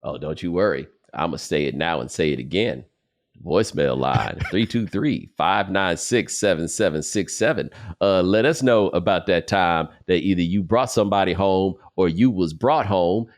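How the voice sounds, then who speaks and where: A man co-hosting a podcast, chatting casually and telling stories in an animated, playful way with plenty of slang. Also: sits low, moderate pace. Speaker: podcast co-host. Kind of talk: casual sports and culture chat.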